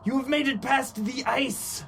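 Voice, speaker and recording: A man voicing an effusive crimson-robed cult greeter who gushes with loud exclamations. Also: very high-pitched, steady tone, a little slow, vocal fry, slight background noise, pitched above the performer's own voice, exaggerated voice. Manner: gushing, exclamatory welcome.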